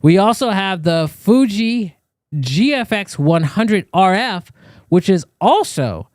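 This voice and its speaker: A man's voice: high-pitched, animated, takes it slowly, a little mellow, no room sound, clean studio sound. A man hosting a live show, talking loosely and chatting straight to his viewers. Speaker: show host. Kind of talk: casual live-stream chat.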